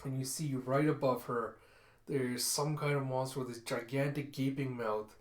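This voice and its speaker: A man's voice: medium pitch, steady tone, moderate pace. A man narrating a comic book read-through in a casual, chatty way. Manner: casual, chatty, repeats "and you see". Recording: roomy echo.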